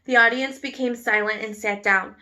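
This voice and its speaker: Woman teacher, story read-aloud for class, bright voice, occasional stumbles. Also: on the high side, fairly even intonation, normal speed. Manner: unpolished reading with restarts on words. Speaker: teacher reading aloud to students. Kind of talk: reading a children's novel aloud.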